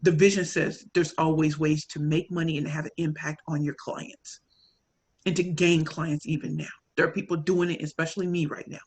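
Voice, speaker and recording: A woman from St. Louis with a St. Louis accent, telling a story and coaching in an animated, audience-directed way. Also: low-pitched, normal speed, husky. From St. Louis, Missouri. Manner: animated, addresses audience as y'all, acts out quoted lines. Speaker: pitch coach and speaker. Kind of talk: motivational talk, storytelling.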